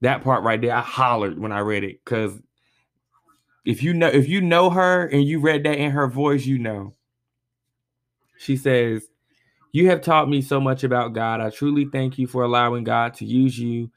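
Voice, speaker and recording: A man in his twenties casually talking to listeners on his solo podcast, lively and heartfelt, reading friends' messages aloud. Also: medium pitch, normal speed. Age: 20s. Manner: animated, reads messages aloud with feeling. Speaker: podcast host.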